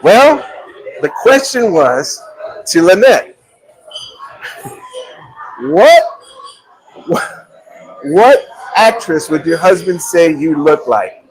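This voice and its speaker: A man's voice: on the high side, very slow, long pauses, low-quality recording. A man hosting a live stream from a restaurant, telling a story and acting out the voices of the people in it. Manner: animated storyteller, acts out quotes, laughs often. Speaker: show host.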